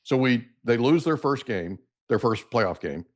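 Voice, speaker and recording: A middle-aged man hosting a podcast, telling a long story in a casual, animated way and acting out the dialogue. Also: mid-range voice, measured pace. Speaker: podcast host.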